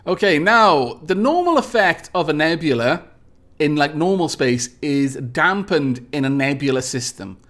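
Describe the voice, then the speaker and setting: A man with a mid-range voice livestreams a space game, theatrically reading the event text aloud. He replies to chat in polite, formal phrasing.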